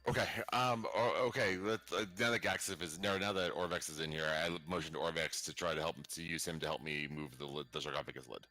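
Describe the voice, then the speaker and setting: A man's voice: rumbling low, fairly even intonation, quick pace, few pauses, bright, forceful tone. A man playing a tabletop game, describing his actions in a hesitant, stop-start way. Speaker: player. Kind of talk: casual tabletop play.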